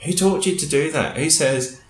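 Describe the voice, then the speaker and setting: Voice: mid-range voice, moderate pace. Teasing Australian podcast host. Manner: teasing, jokey, crude. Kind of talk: casual podcast interview. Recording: echoey room, faint noise.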